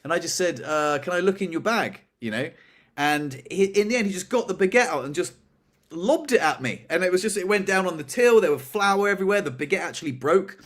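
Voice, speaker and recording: A young man co-hosting a podcast, telling a story in a casual, animated way, pitching up when he acts out dramatic moments. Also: fairly quick. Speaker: podcast co-host.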